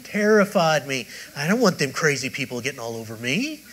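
A male preacher with a mid-range, fairly bright voice speaks fairly quickly with big swings in pitch, captured in poor audio. His church-service sermon is rambling and conversational, full of restarts and bits of his own testimony.

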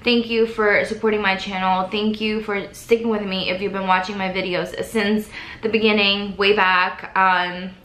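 A woman's voice: medium pitch, little pitch movement, normal speed, fairly bright tone. Chatty young woman vlogging in a roomy room. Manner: chatty, rambling, sometimes eating while talking. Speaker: YouTuber. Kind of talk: casual vlog chat.

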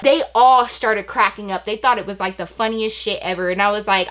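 A young woman beauty vlogger tells a story in a loose, chatty way while she gets ready. She is animated and blunt, and she fills her sentences with "like" and casual slang. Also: mid-range voice, a little fast, hardly any pauses.

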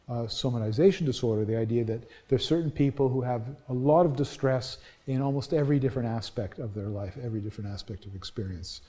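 A man's voice: medium pitch, mellow. A middle-aged man giving a university lecture in a conversational, anecdotal way, often restarting his sentences.

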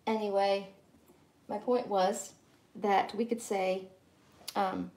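A woman's voice: medium pitch, flat delivery, slow pace, mellow. A middle-aged woman, chatting casually and rambling to live-stream viewers while teaching painting.

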